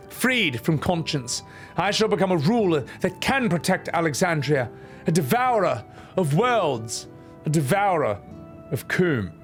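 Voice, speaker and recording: A man with an Australian accent voicing a gentle young queen turned cold ruler, solemn lines broken by swearing. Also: high voice, pitched above the performer's own voice, full character voice. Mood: grandiose. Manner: mock-solemn, swears mid-speech.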